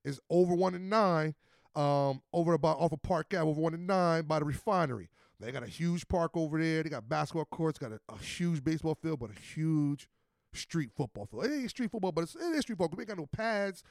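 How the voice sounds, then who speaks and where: A high-pitched man tells stories on a podcast, acting out every quote. The sound is dry and close, with no room around it. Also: fairly quick, gravelly, no echo. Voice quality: animated, acts out quotes. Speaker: podcast host. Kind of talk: casual storytelling.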